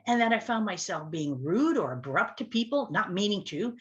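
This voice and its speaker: A woman telling a personal story as a speaker and communication coach, animated and lively, with big swings in her voice. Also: mid-range voice, normal speed, muffled recording. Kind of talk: storytelling talk to camera.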